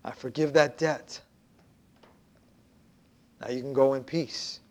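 A man voicing a stern but compassionate male creditor in a spoken parable, talking low and halting. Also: expressive. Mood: gentle.

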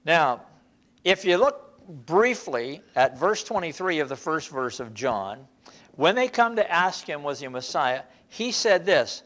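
A church Bible teacher speaking in a relaxed, folksy manner, circling back over phrases as the thought takes shape. The pitch sits in an ordinary middle range. It sounds like a lesson given to a small group in a church. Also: unhurried. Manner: conversational, repeats and restarts phrases, folksy asides.

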